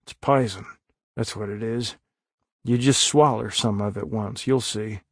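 A man's voice: fairly low pitch, unhurried, no room sound, studio quality. A man voicing a bold but frightened boy who whispers earnestly and takes charge.

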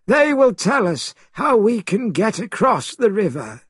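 A man voicing a loud male pig-like pilgrim in a storybook, with raised, calling delivery. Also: sits high, big pitch swings, unhurried, breathy edge, no room sound, clean studio sound, pitched above the performer's own voice, exaggerated voice.

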